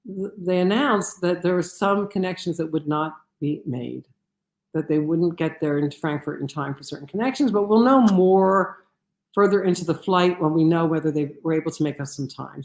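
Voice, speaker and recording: A woman giving a lecture, telling a personal story in an animated way with many restarts. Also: on the low side, echoey room.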